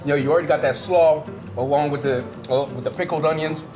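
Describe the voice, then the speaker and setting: A man's voice: on the high side, steady tone, quick pace, over music. A man hosting a food show, tasting dishes with exuberant, exclamatory, slangy commentary.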